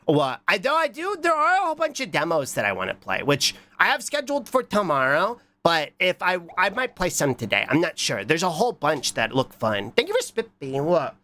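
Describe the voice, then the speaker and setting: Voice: huge pitch swings, a little fast, few pauses, pushed and bright. Congested, wildly swooping livestreamer voice. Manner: scattered and goofy, with frequent repeated "What?" and squeaky high bursts. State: congested from a cold. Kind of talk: casual reaction stream, reading chat aloud.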